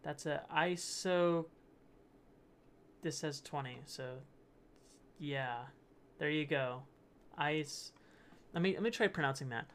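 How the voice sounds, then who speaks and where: A man's voice: a little high, takes it slowly, long pauses, fairly bright tone, slight background noise. A young man hosting his channel, rambling casually through posts, laughing often and stumbling over words. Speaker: channel host. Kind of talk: casual commentary reading posts.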